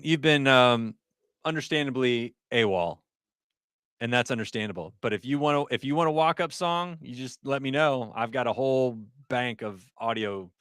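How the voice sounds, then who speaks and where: A man's voice: medium pitch, fairly bright tone, clear, resonant tone, no echo, clean studio sound. A middle-aged man, an ER nurse, hosting a casual livestream, reading chat aloud and laughing often.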